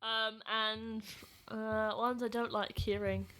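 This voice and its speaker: A woman's voice: a little high, little pitch movement, takes it slowly, sharp tone. A woman co-hosting a podcast in casual chat, talking freely and laughing often. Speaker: podcast co-host.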